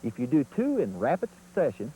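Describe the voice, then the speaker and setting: A man with a mellow, dark voice gives a hunting lesson on camera. He talks in a folksy, plain-spoken way, and his pitch rises and falls a lot as he explains and demonstrates. A faint hiss sits behind him. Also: huge pitch swings, brisk, low-quality recording. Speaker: turkey calling instructor. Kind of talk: instructional video demonstration.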